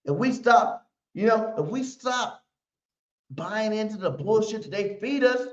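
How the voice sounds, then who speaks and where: Brash trash-talking sports fan host. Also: male voice, high-pitched, expressive, unhurried. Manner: brash trash talk, slangy and emphatic. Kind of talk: live pregame fan stream. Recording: roomy, muffled home stream audio.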